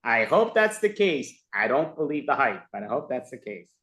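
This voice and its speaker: A man's voice: mid-range voice, big pitch swings, moderate pace, a bit bright. A man in casual chat, telling rambling, exasperated stories about his phone.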